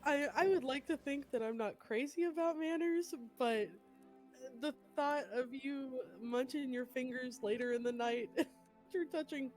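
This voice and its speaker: A woman from Oklahoma playing in a tabletop game, playful and quick to laugh. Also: sits high, a little mellow, soft background music. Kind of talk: casual role-play chat.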